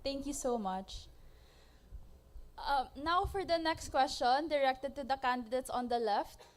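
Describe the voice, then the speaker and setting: A young Filipino woman moderating a student candidates' forum, briskly and politely calling on each candidate in turn. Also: high-pitched. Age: young adult. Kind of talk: reading questions at a candidates' forum.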